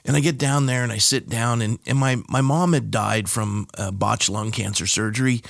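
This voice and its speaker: A man's voice: mid-range voice, moderate pace, creaky, no echo, studio quality. A middle-aged pastor from California, a podcast guest, telling a personal story with emphasis and lifting his voice for the key moments. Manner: emphatic storyteller, lifts his voice for punch lines. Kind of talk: storytelling in an interview. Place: podcast studio.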